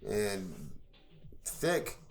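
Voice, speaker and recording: A man's voice: fairly low pitch, big pitch swings, drawn-out words, vocal fry, faint music behind. A drunk young man, co-hosting a podcast in loose, profane, joking banter. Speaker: podcast co-host. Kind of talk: casual drunk chat.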